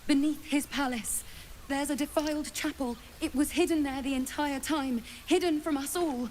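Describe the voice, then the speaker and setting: A woman plays a bitter vampire spawn sister in a video game, grim and warning. Her voice sits high, and faint hiss lies under the game audio. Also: moderate pace, darkish tone, natural voice.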